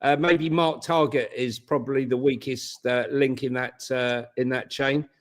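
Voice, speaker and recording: A man's voice: medium pitch, steady tone, measured pace. A man co-hosting a casual football watchalong, talking conversationally with many hesitations. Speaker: co-host.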